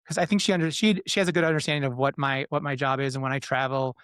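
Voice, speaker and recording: A man's voice: medium pitch, fairly even intonation, fairly bright tone, clear, resonant tone, dry recording, clean studio sound. A man in his thirties, a podcast guest, talking casually and often restarting his sentences. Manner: halting, many restarts. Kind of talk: casual conversation.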